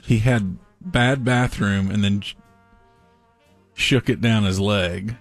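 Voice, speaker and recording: A man co-hosting a casual talk show, telling a gross news story in an animated way and laughing through it. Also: fairly low pitch, slow, no echo, faint music behind. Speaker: podcast co-host. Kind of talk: casual chat, reading a news story aloud.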